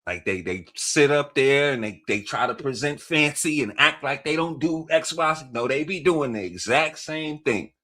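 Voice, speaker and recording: A man co-hosting a reaction show, talking in a slangy, animated way as he reacts to clips. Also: a little high, normal speed, few pauses. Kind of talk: casual reaction commentary.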